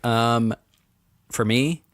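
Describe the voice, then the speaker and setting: A man's voice: medium pitch, extremely slow, dry recording. A man co-hosting a casual podcast, teasing his co-host and giving strong opinions. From Tennessee. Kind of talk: casual chat.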